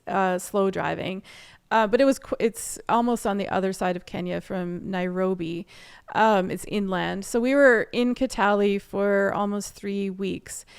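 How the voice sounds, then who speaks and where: A woman artist and photographer from Canada, telling her story in a casual interview in a lively way and laughing often. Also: medium pitch, smooth.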